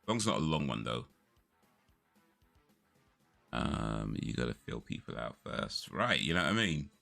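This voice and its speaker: A man's voice: extremely low pitch, very animated, normal speed, vocal fry, pushed and bright, soft background music. A young man chatting casually on a live stream, rambling through stories and laughing often.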